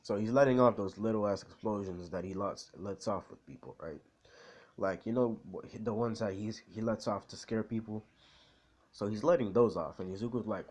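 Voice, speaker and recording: A man's voice: lowish voice, moderate pace, darkish tone. Rambling, slangy man. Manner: rambling, slangy, filler-heavy. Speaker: anime vlogger. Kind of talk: casual chat.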